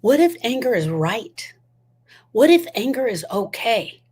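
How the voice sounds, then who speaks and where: A woman's voice: on the high side, big pitch swings, measured pace, a little mellow, breathy edge. A woman giving a motivational talk on grief, emphatic and full of repeated rhetorical questions. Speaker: grief educator.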